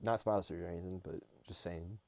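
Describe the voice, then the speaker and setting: A man's voice: sits low, fairly quick, creaky, dry recording. Joking American man chatting. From United States. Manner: joking, animated banter. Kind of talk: casual chat.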